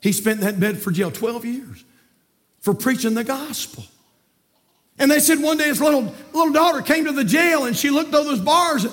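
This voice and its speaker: A man preaching a sermon as pastor in a church, swinging between hushed passages and shouted climaxes. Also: very high voice, expressive, normal speed. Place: church sanctuary.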